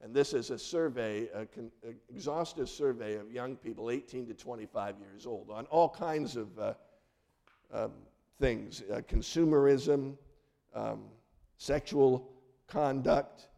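A middle-aged male pastor giving a sermon, earnest, with dramatic drops into soft, quiet phrases. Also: mid-range voice, gravelly.

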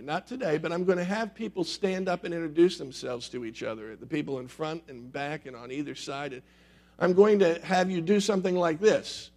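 A man's voice: a little high, a little fast, gravelly, a little mellow. A male pastor preaching a sermon in a conversational, emphatic way with wry humor.

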